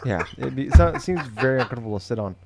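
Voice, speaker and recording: A man's voice: medium pitch, lively intonation, racing, vocal fry, very noisy. A man hosting a podcast in casual chat, joking and laid-back, swearing freely. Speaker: podcast host.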